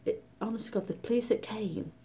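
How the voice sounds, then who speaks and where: A middle-aged woman from Britain telling a story in a casual vlog, chatty and animated, often dropping to a whisper. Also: medium pitch, fairly quick, gravelly, a little hiss or hum. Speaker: vlogger.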